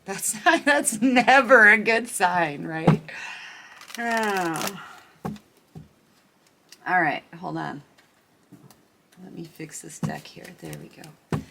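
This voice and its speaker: A woman's voice: lowish voice, expressive, slow pace, vocal fry, pauses often, noisy background. A woman giving a casual tarot reading, chatting and giggling as she talks straight to her viewers. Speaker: tarot reader.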